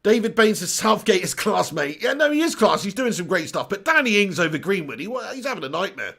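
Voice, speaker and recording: Hosting a live football watch-along, a man in his thirties sounds fairly high, sing-song and a bit bright, talking fairly quickly. His gravelly voice leaps around as he switches between chat messages and anger at the substitutions, aiming cheeky, sweary banter right at his viewers.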